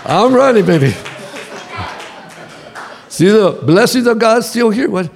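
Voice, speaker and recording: A male pastor preaching a sermon in a church, calling the congregation to repeat after him and building to shouts. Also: high voice, lively intonation, a little slow, gravelly, pauses often, crowd noise. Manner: call-and-response preaching, rising to shouts. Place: church sanctuary.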